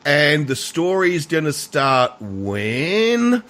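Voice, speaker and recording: A man's voice: on the high side, slow pace. A man co-hosting a movie review podcast, talking casually with many hesitations. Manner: animated, hesitant, many fillers. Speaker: podcast co-host.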